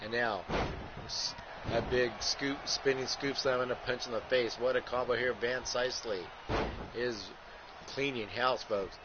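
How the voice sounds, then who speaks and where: A man calls a wrestling video game like a ringside announcer. He keeps saying "folks" and "ladies and gentlemen" and throws in crude rhyming jokes. The recording is muffled and lo-fi, with a clear hiss underneath. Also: medium pitch, fairly even intonation, measured pace. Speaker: host and wrestling commentator. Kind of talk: playful wrestling-game livestream commentary.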